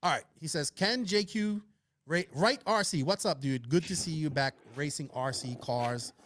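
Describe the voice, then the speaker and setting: A man's voice: a little high, normal speed, a bit bright, a little hiss or hum. A man hosting a casual podcast, upbeat and chatty as he reads out listener questions. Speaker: podcast host.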